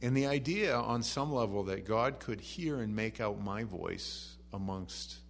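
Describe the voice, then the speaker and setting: A man preaching a sermon. He reads scripture softly and then rises to animated emphasis. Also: lowish voice, a little slow, gravelly.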